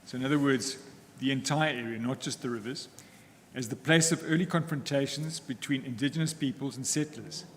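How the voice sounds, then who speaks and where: A male advocate, presenting a legal argument in a measured, formal manner, pausing often between phrases. His mid-pitched voice carries a long echo from the courtroom, with faint ambient noise behind him. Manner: measured, deliberate, formal, with frequent pauses. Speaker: counsel for the applicants.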